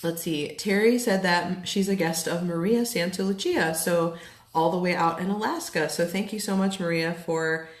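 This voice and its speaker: In an echoey room at home, a woman in her thirties who sells essential oils chats casually to camera in a lowish voice at a moderate pace. Her talk is packed with fillers and "like," and she grows emotional at moments.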